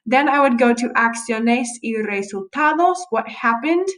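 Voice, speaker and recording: A young woman teacher records a relaxed tutorial while typing notes on screen. Her voice sits a little on the high side, and she talks casually, catching and fixing her own slips as she goes. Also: moderate pace, low-quality recording.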